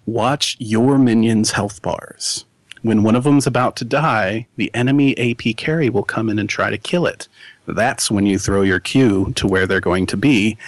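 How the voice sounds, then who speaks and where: A man co-hosting a casual gaming podcast, relaxed and jokey, often laughing as he reads listener mail. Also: fairly low pitch, dry recording. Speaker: podcast co-host.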